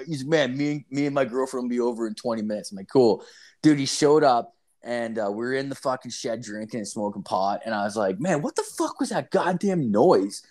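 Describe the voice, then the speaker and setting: A man in his thirties co-hosting a podcast, spinning crude stories full of swearing and acted-out quotes. His voice sits at an ordinary middle pitch, and he rambles on in a loose, casual way. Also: a little mellow. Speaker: podcast co-host.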